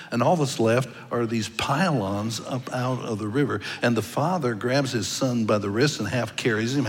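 A man preaching a sermon, telling stories in a conversational way with occasional stammered restarts. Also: mid-range voice. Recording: long reverb of a large hall.

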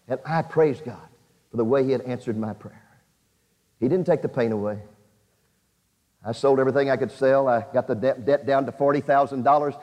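A man's voice: a little high, a little mellow. A man preaching a sermon and retelling a testimony with earnest emotional swells. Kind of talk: sermon storytelling. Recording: dull lo-fi audio in a reverberant hall.

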